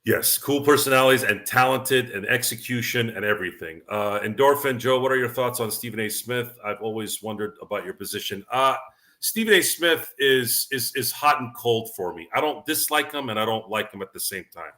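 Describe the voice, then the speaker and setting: A man's voice: medium pitch, fairly quick, bright, forceful tone. Rambling, stammering male sports host. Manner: livestream chat reading viewer questions. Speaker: podcast host. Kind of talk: casual sports talk.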